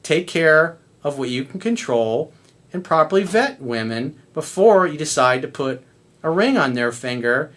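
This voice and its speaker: A man with a somewhat high-pitched voice delivers a blunt, profane lecture as a dating coach. He talks straight to his audience in a hectoring, no-nonsense way. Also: expressive, measured pace, a bit bright. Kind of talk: ranting monologue to camera.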